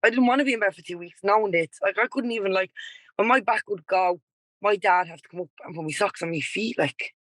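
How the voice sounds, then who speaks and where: A woman's voice: mid-range voice, fast talker, no room sound, rough recording. A woman in her twenties with a Dublin accent, a podcast guest telling a personal story in a rambling, candid way. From Ireland. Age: 20s. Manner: rambling, animated, repeats "like" and "he was like". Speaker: podcast guest, yoga and dance teacher.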